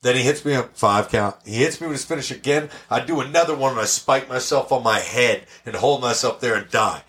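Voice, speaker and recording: With a mid-range voice that moves a little fast, a male podcast guest tells brash, profane tales. The chat is casual, and his storytelling is lively and animated.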